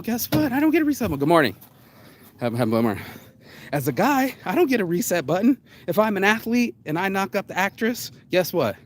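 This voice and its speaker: A man hosting his own show, ranting bluntly in a solo monologue, swearing often and jumping suddenly up and down in pitch. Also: slight background noise. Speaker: show host.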